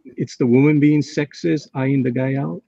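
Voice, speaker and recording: A man's voice: mid-range voice, steady tone, moderate pace, vocal fry, mellow, dry recording, highs cut off. A man joking in casual livestream chat, prodding the others to talk. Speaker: comic creator guest.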